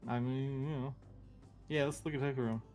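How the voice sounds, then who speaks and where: A man playing a tabletop game, making quick, wry, offhand remarks in character. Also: medium pitch, steady tone, a little mellow, faint music behind. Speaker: player. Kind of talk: casual in-character play.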